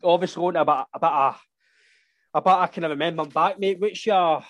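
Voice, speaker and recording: A man's voice: a little high, fairly quick, no room sound. A man hosting a casual podcast chat, rambling through his questions. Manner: rambling, with many fillers and restarts. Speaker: podcast host.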